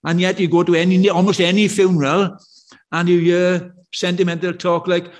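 A man with a high-pitched voice preaches a sermon in a church at normal speed. He talks conversationally, tells stories, and fills his delivery with rhetorical questions for his listeners.

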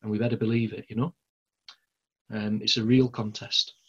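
A man's voice: fairly low pitch, little pitch movement, moderate pace, highs cut off, slight background noise. A man with a Lancashire accent preaching a sermon in a conversational, rambling way, full of fillers and restarts. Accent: Lancashire English.

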